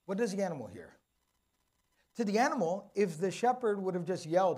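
A man giving a religious lecture to a live audience. He explains carefully, slows down to stress key words and keeps checking in with "okay?" and "right?". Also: high voice, lively intonation, a little mellow. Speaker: Quran teacher.

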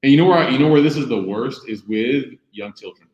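A young man giving a sermon, telling personal stories lively and acting out the voices in quotes. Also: medium pitch, fairly quick, muffled recording. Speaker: Muslim speaker giving a talk. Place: room with audience. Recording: echoey room.

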